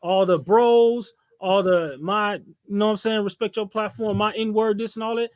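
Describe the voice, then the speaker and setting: A man from California in a casual podcast discussion, animated, blunt and opinionated, laughing often. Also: sits high, moderate pace. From California, United States.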